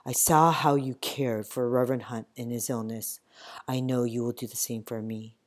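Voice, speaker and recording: A woman reading the part of a wounded, feverish army captain who speaks slowly and gravely. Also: extremely low pitch, steady tone. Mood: weary, grave. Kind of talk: audiobook character reading.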